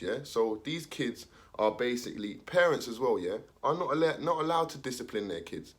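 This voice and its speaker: Young man, casual slang, animated, acts out voices, mid pitch. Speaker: commentator. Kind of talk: casual opinion monologue.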